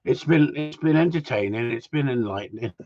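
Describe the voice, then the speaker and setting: A man's voice: mid-range voice, lively intonation, fairly quick, mellow. A middle-aged man hosting a live stream, chatting casually with viewers, swearing a lot and laughing often. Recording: dull lo-fi sound.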